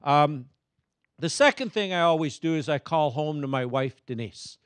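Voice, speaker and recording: A middle-aged man giving a lively, humorous keynote presentation to a live audience, often calling on the crowd to answer him. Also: fairly high pitch, normal speed, dry recording. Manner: energetic, humorous, prompts audience responses. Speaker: motivational speaker.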